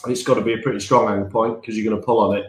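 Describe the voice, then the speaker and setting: A man's voice: fairly low pitch, steady tone, very fast, reverberant. A man co-hosting a casual live-stream podcast from home, chatty and rambling, often laughing at himself. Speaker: podcast co-host.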